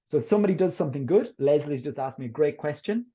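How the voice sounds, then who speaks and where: A man with a slightly high, expressive voice and dark tone speaks quickly, recorded in lo-fi sound. He's running a webinar workshop for teachers, upbeat and supportive as he answers questions and offers tips.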